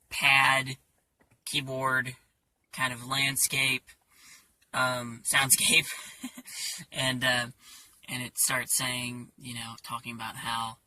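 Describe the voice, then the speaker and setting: A man talking casually about his songs in a halting way, with many fillers and restarts. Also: mid-range voice, bright, forceful tone, far from the mic, a little hiss or hum. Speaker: songwriter.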